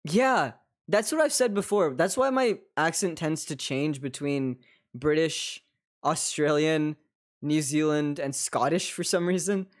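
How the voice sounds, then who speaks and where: A man's voice: fairly high pitch, a little slow. Giggly, foul-mouthed young streamer guy. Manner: swears a lot, giggly, jumpy bursts of excitement. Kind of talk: casual gameplay chat.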